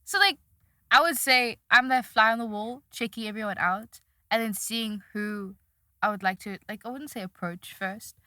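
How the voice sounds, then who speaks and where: Young woman, podcast guest, bright tone, dry close sound, rambling self-deprecating chat with frequent laughs. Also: fairly high pitch, moderate pace, dry recording. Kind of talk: casual chat.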